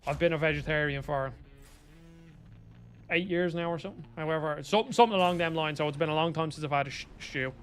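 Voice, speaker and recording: Young Irish man, streamer, high voice, rambling casual chat over faint music. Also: fast talker, a bit bright. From Ireland. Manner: chatty, rambling, answers viewers by name.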